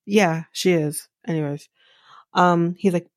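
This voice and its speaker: A woman with a lowish voice hosts a podcast, recapping a reality show in a loose, chatty way. She is blunt and sarcastic, swears freely and laughs often. Her voice sounds dry and close, with no room echo. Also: measured pace. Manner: laughs often while talking. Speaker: podcast host.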